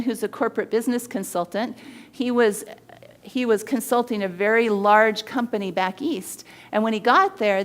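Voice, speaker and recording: A woman hosting a body language show, teaching in an energetic way and acting out the people in her stories. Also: fairly high pitch. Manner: animated storyteller who acts out quoted voices.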